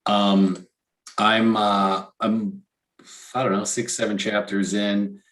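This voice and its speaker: A man's voice: lowish voice, level tone, slow pace, a bit bright. A man co-hosting a podcast in casual chat, rambling with enthusiasm and many restarts. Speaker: podcast co-host.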